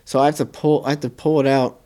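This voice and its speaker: A young man, co-host of a podcast, casually telling a hunting story in a relaxed, profane way. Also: medium pitch, quick pace.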